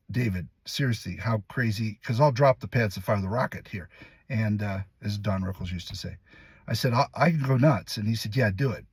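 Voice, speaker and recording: A male actor telling a story to camera in a casual, animated way, acting out the lines and voices as he goes. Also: mid-range voice, breathy edge, no room sound. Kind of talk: casual anecdote told to camera.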